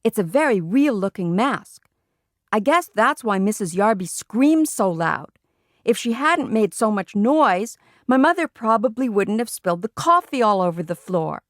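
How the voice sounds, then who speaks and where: A woman narrating a children's book in the first person, telling it in a lively way. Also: medium pitch, a little slow, no echo, studio quality. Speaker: audiobook reader.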